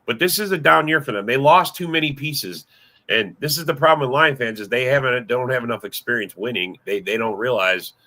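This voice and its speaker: A man co-hosting a casual sports talk show, emphatic and quick to agree, calling the others bro. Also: medium pitch, bright, forceful tone.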